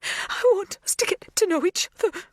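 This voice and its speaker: A woman voicing a tearful, pleading middle-aged woman in an audiobook, breathy and rushing her words. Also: very high-pitched, dry recording, clean studio sound, pitched above the performer's own voice.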